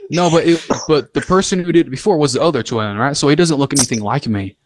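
A man co-hosting a podcast, telling a rambling, animated story full of filler words in casual chat. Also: fairly high pitch, fast, background noise. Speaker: podcast co-host.

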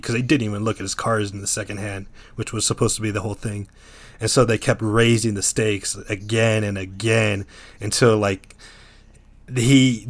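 A man co-hosting a casual podcast chat, retelling a scene with lots of "like" fillers. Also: on the low side. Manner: filler-heavy storytelling.

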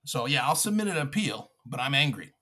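A man's voice: mid-range voice, very animated, fairly quick, sharp tone, a little hiss or hum. A man hosting a podcast, delivering a furious, profane political rant with mocking asides. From United States. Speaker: podcast host.

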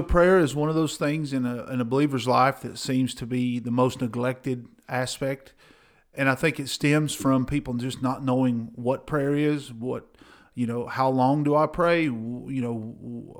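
A middle-aged man, a pastor, talking earnestly and enthusiastically in a casual ministry chat, with many fillers and repeated words. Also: mid-range voice.

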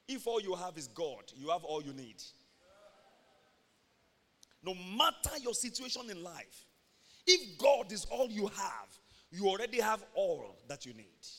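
A man with a Nigerian accent preaching an animated sermon, moving from soft talk to shouts. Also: high-pitched, big-room sound. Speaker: pastor. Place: church.

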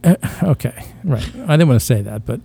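Male podcast co-host, dark mellow tone, boastful and rambling, crude self-mocking humor. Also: mid-range voice, lively intonation, a little fast, vocal fry, slightly rough, dry recording. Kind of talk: casual crude comedic banter.

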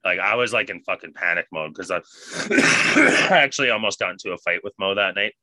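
A man casually telling a profane, animated party story with bursts of laughter. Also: low voice, a little fast, no echo.

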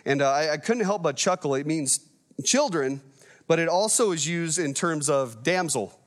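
A man's voice: on the high side, animated, moderate pace. A man in his thirties preaching a sermon in a conversational, playful way, telling the story with animation. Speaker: pastor.

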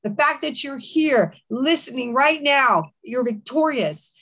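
A woman's voice: high voice, expressive, measured pace, a bit bright. A woman podcast host who talks with her guest and leads prayer, declaring encouraging affirmations. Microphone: podcast mic.

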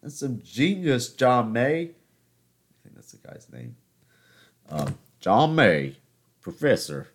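A man's voice: medium pitch, wildly swooping pitch, takes it slowly, pauses often, slightly rough. A young man hosting a podcast alone, rambling through stories in a joking, off-the-cuff way. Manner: rambling, joking, self-interrupting. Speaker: podcast host. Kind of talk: casual solo monologue.

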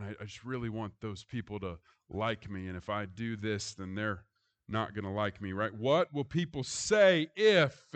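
In this sermon, a middle-aged pastor with a medium-pitched voice alternates quiet, thoughtful stretches with storytelling that swells and grows emphatic.

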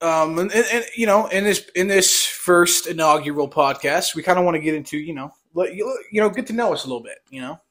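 A man's voice: a little high, animated, a little fast, few pauses, fairly bright tone. A young man co-hosting a casual podcast chat, rambling and repeating his words with a slight stutter. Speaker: podcast co-host.

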